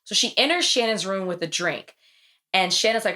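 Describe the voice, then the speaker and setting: A woman hosting a podcast, retelling TV episodes in casual chat and acting out the quotes. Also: normal speed. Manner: animated storytelling, acts out quotes with big pitch jumps. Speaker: podcast host.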